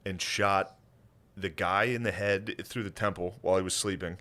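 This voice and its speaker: A young man co-hosting a podcast in casual, comedic banter, laughing often and acting out voices in quick bits. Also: deep voice, fairly even intonation, pushed and bright. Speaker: podcast co-host.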